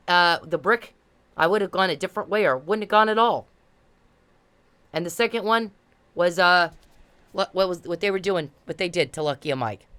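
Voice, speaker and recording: A woman's voice: lowish voice, fairly bright tone. A woman delivering an angry, confrontational monologue, repeating herself and swearing as she berates the police. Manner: confrontational, repetitive, profane. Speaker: vlogger addressing police.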